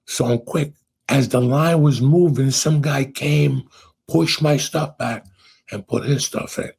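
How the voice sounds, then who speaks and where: A middle-aged man hosting a podcast, telling stories in a profane, animated way and acting out what people said. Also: medium pitch, unhurried, vocal fry, breathy edge. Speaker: podcast host. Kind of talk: casual storytelling chat.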